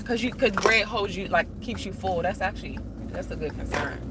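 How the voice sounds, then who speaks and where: A woman's voice: medium pitch, animated, a little fast, very noisy. A woman from the United States chatting casually to her live-stream viewers from a parked car, talking straight to them with slang and asides.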